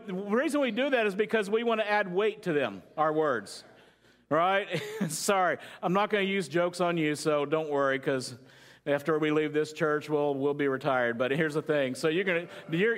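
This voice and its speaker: A man's voice: sits high, a bit bright. An older male pastor preaching a sermon in a conversational, joking storytelling style, asking the congregation questions.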